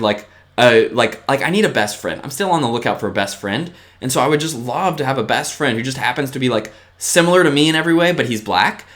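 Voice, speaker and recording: A vlogger speaks to his viewers with casual, earnest encouragement. Eager outbursts give way to softer, lower asides, and he frequently checks in with a brief "right?"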